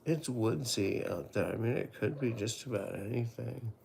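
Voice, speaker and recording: A man's voice: medium pitch, moderate pace, vocal fry, darkish tone, a little hiss or hum. A man streaming late at night from home, rambling in casual chat and murmuring and half-whispering to his pets. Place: home at night, woods outside.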